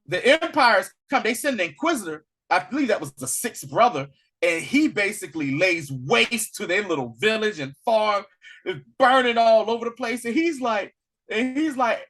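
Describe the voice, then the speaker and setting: Animated man retelling a story. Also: high voice, moderate pace. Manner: animated storytelling, acting out characters' lines in slangy asides. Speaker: podcast co-host reviewing a series. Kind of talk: casual chat.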